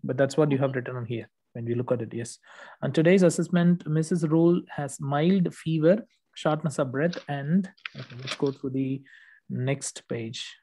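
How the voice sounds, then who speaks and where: A man's voice: medium pitch, normal speed, warm tone. A man tutoring one student, correcting written work patiently and checking understanding often. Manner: patient, explanatory, frequent "okay" checks. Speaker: English test tutor.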